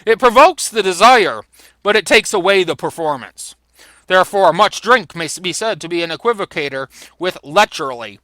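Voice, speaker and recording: Male lecturer with a bright, slightly high voice; reads play passages with emphasis, then explains them. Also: moderate pace, no room sound. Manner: reads quoted lines with rising emphasis, frequent restarts. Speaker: literature lecturer.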